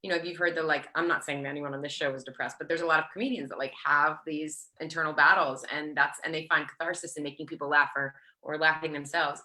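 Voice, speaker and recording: A woman's voice: deep voice, fairly even intonation, fast talker, hardly any pauses, bright, forceful tone. A woman in her thirties chatting as an interview guest, rambling with many fillers and restarts. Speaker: guest actor. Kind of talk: casual interview chat.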